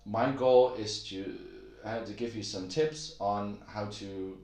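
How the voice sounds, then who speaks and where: A man with a fairly low voice talks through a casual language lesson in a roomy, echoing space. His explanations are relaxed and full of "uh" fillers. He breaks into high, exaggerated syllables to demonstrate the tones. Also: takes it slowly, soft background music. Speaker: Mandarin tone teacher.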